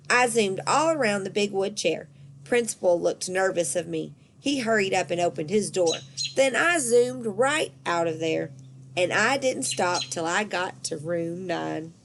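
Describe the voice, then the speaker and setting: A woman reading a children's storybook aloud, lively and expressive. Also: mid-range voice, unhurried, a little hiss or hum.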